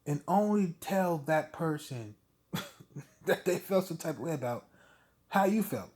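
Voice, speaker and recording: A man's voice: fairly high pitch, expressive, unhurried, background noise. A man venting in a heated, profane rant to camera, blunt and full of swearing. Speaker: vlogger.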